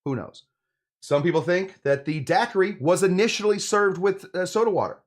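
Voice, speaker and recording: A man with a high voice speaks at normal speed as he hosts a cocktail channel. He runs a casual drink-making demo, joking, rambling, and interrupting himself with plenty of asides.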